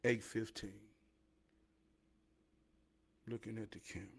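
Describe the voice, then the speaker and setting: Gravelly guy telling a story to his camera, slow and emphatic. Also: fairly low pitch, steady tone. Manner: slow, emphatic, conversational retelling. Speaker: vlogger. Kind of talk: casual storytelling.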